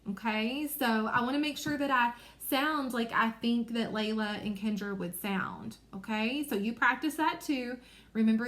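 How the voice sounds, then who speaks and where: A woman teacher giving a recorded reading lesson to young children, explaining patiently and clearly. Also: a little high.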